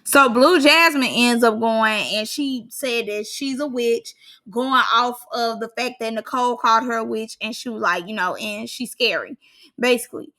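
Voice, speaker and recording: A woman's voice: fairly high pitch, moderate pace, bright, forceful tone. A young woman giving casual, opinionated reaction commentary on a reality show, with lots of filler words. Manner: chatty, opinionated, filler-heavy.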